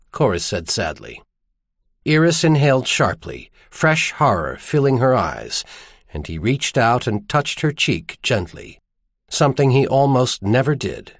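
A man narrates an audiobook in a measured, expressive storytelling manner. His pitch rises and falls in lively arcs. The recording is dry and close. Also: creaky, no room sound.

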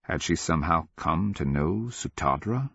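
A man giving steady, measured scripted narration of a fantasy audiobook, on a dull lo-fi recording. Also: low voice, vocal fry, husky, no room sound.

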